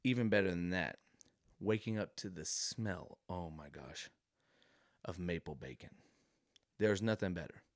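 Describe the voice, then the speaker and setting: A man's voice: deep voice, a little slow, pauses often, no echo, clean studio sound. A man hosting a podcast, telling a rambling comic story full of digressions and fillers. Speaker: podcast host. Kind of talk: comedic storytelling monologue.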